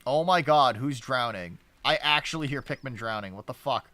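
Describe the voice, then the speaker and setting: A man's voice: medium pitch, normal speed, bright, forceful tone, no echo, soft background music. A male streamer giving casual, rambling gameplay commentary, sarcastic and swearing often.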